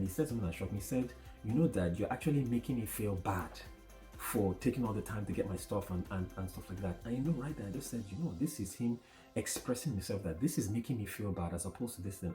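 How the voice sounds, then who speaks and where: A man co-hosting a podcast, telling stories in a calm, thoughtful way. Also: on the low side. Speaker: podcast co-host. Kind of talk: casual podcast chat.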